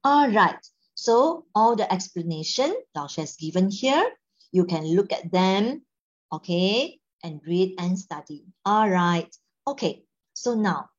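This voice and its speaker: A Malaysian-accented woman teaches a Mandarin language lesson, explaining each word by switching between English and Mandarin. Her mid-range voice is slightly husky and animated, she speaks slowly, and the recording sounds dull and lo-fi.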